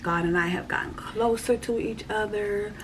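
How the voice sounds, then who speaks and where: A woman giving a casual spoken faith check-in, earnest and repetitive, sometimes dropping to a soft whisper. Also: medium pitch, moderate pace. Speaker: vlogger sharing a faith check-in. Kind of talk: casual spoken testimony to camera. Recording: faint background noise.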